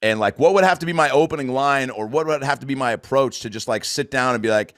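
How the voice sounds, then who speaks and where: A man's voice: medium pitch, fast talker, no echo, studio quality. An American man hosting a podcast, chatting casually in a rambling, loose way with plenty of swearing. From United States. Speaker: podcast host. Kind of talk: casual chat.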